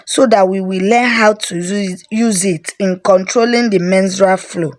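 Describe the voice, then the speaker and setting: A kind aunt soothes her niece in a slow, calm voice, played by a woman storyteller. Her colors every word, and she speaks gently and reassuringly. The delivery stays unhurried throughout. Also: mid-range voice, close to an everyday voice. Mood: gentle. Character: gentle, caring middle-aged aunt.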